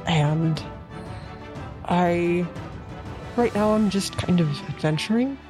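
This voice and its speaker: A woman's voice: lowish voice, takes it slowly. A woman player in a tabletop game, speaking in a hesitant, polite way. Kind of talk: tabletop role-play chat. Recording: music behind the talk.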